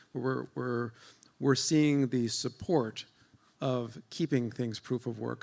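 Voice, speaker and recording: Fast-talking male moderator, gravelly, hesitant with fillers. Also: mid-range voice. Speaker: panel moderator. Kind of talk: panel discussion. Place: conference stage.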